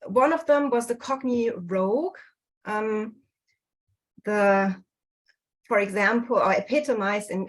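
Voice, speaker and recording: A woman with a mid-range voice gives an online slide talk on dialect history over a video call. She speaks hesitantly, with many fillers and restarts, and the recording is low quality.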